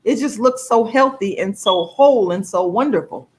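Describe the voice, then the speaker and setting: A woman's voice: medium pitch, lively intonation, normal speed. A woman, talking casually and emphatically to her viewers in a livestream vlog. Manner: chatty, emphatic, addresses viewers as y'all. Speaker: vlogger.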